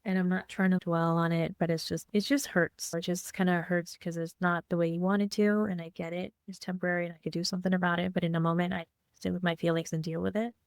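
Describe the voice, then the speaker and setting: A woman co-hosting a podcast, speaking softly and reflectively in casual heartfelt chat. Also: lowish voice, flat delivery, fast talker, hardly any pauses, no room sound, clean studio sound. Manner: reflective, soft-spoken, many fillers. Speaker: podcast co-host.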